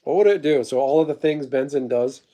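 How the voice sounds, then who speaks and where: A man's voice: medium pitch, brisk, dark tone. Blunt, rambling man streaming live. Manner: rambling, profane, blunt storytelling; replies to chat messages. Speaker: livestream host. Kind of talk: casual livestream chat.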